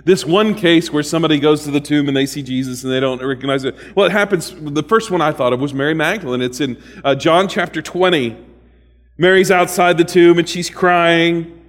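A man preaching a sermon as a pastor, animated and humorous, with sudden loud bursts and soft asides. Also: a little high, brisk, in a large hall.

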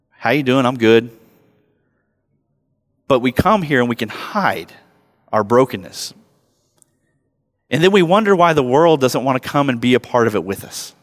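A man in his thirties preaching a sermon as a pastor, conversational and self-mocking, telling stories and rising loud when he acts them out. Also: mid-range voice. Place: church sanctuary. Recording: long hall reverb.

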